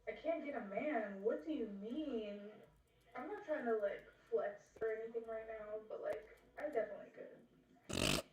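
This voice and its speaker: A woman's voice: a little high, expressive, normal speed, lo-fi sound, background noise. A woman on a livestream video call, chatting casually in a rambling, filler-heavy, blunt way. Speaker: livestream guest. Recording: echoey and distant, off-mic.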